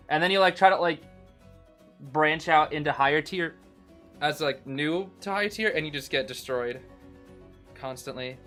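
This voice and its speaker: A man streaming a casual gameplay recap who is excitable, repeats his words and keeps calling his listeners bro. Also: fairly high pitch. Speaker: game streamer.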